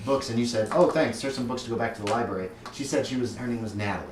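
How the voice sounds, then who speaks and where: A man's voice: mid-range voice, racing. A man narrating as game master, hesitant and full of ums, recorded from across a room. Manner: hesitant, many ums and restarts. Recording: echoey room from far off.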